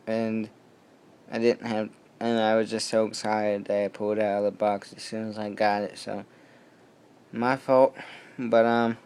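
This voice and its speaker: A man's voice: fairly low pitch, level tone, unhurried, a little mellow, clear, resonant tone. A young man reviewing a toy wrestling ring at home in a rambling, loosely unscripted way, picked up by the camera mic. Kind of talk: casual video toy review.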